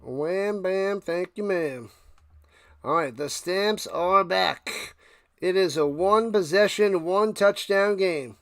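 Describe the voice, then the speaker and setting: A man with a high voice hosts a live stream, calling a football game in an easygoing, unhurried way and chatting with viewers between plays. He gets loud and excited on big gains. He keeps coughing and clearing his throat, and his voice is close and dry, with no room sound around it. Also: no room sound. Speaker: live stream host doing play-by-play. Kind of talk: casual live play-by-play and chat.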